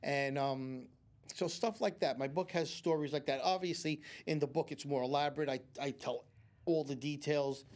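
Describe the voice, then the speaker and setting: A man's voice: fairly high pitch, steady tone, normal speed, darkish tone. A man, a psychic medium guest on a studio talk show, telling long anecdotes with many restarts and acting out what people said. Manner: rambling anecdotes with many restarts and acted-out quotes. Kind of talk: storytelling in a talk show interview. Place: community TV studio.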